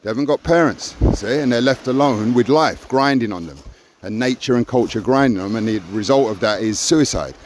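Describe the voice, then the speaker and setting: Man, 60s, emphatic reflective co-host, mid-pitched voice, faint noise behind. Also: a little fast. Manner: emphatic, keeps adding "see?" and acts out quoted encouragement. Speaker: co-host of a personal growth talk. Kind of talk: reflective casual conversation.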